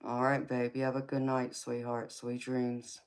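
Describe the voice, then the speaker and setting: A woman's voice: very deep voice, monotone, measured pace, clean tone. A middle-aged woman with a Southern US accent, hosting a casual livestream and answering viewer comments, calling people sweetheart and honey. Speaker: tarot reader and livestream host.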